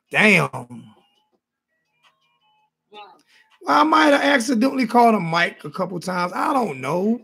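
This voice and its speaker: A man's voice: sits high, very animated, a little slow, creaky, long pauses, bright, forceful tone, husky, faint music behind. A man hosting a casual fan call-in show in a Southern US accent, loose and repetitive, often restarting his sentences.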